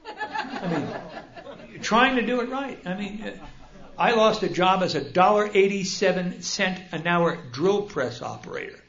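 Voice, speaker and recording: A gravelly, fairly high voice from an older man who tells his own story with wry, self-mocking humor and lively bursts. He speaks to a large meeting hall, and the dull, roomy recording echoes around him. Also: unhurried. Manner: humorous, self-deprecating and animated. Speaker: speaker at a recovery convention. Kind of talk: personal storytelling talk.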